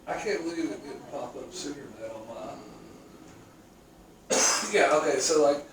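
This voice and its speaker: A man's voice: medium pitch, animated, a little slow. A man co-hosting a casual podcast, talking in an easygoing, chatty way. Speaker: podcast co-host. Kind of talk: casual chat. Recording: echoey room from far off, noisy.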